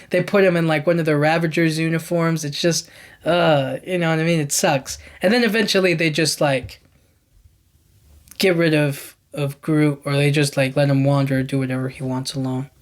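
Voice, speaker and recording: Rambling man recapping a film. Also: on the high side. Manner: rambling, heavy use of "like" and "you know what I mean"; enthusiastic about scenes. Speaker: podcast host. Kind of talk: casual movie recap.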